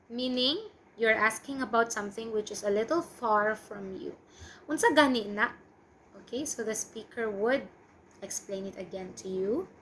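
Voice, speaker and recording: Bright-voiced Filipino woman teaching vocabulary. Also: fairly high pitch, a little hiss or hum, low-quality recording. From Philippines. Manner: patient, repeats example phrases with frequent "okay?" checks. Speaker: language teacher. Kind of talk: explaining vocabulary to learners.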